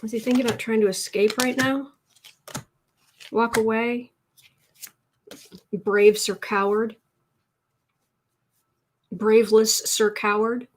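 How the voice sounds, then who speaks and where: A woman's voice: on the high side, flat delivery, slow pace, long pauses, a little hiss or hum. A woman hosting a live tarot stream, chatty and emotional, teary at times, reading out viewer comments. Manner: emotional and chatty, many restarts.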